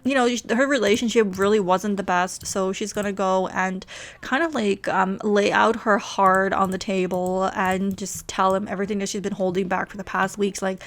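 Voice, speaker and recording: A woman's voice: mid-range voice, steady tone, moderate pace. A woman hosting a casual gameplay video, talking in a rambling, chatty way full of fillers. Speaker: game video host.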